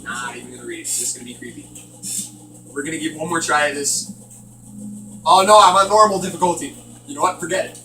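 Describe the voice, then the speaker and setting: A man's voice: on the high side, animated, brisk, pauses often, pushed and bright, distant mic. A man giving nervous, joking commentary while he plays a horror game. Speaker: gaming channel host. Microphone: distant from the mic. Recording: echoey room, voice off the mic.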